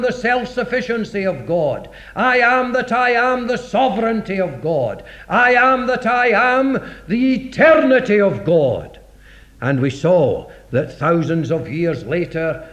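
A man's voice: high-pitched, pushed and bright. A man preaching a sermon in a dramatic, rhetorical way, acting out the voices of scripture. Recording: dull lo-fi recording.

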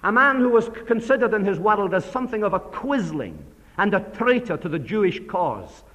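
A man preaching a sermon to a church assembly, passionate, swinging between loud emphasis and hushed asides. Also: sits high, very animated, moderate pace, lo-fi sound. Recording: long hall reverb.

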